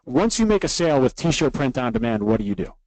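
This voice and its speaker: A man's voice: mid-range voice, big pitch swings, fast talker, darkish tone, no echo, low-quality recording. A man teaching a live online webinar, walking through steps in an upbeat way and ending nearly every point with "right?". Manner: reads out viewer comments from a live chat. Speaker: online course instructor.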